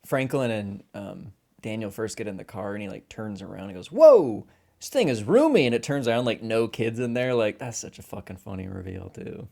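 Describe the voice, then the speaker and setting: A man's voice: on the low side, fairly even intonation, fairly quick, gravelly, few pauses, a little mellow. A man co-hosting a film podcast, chatting casually and animatedly, acting out quoted lines and swearing often. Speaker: podcast co-host.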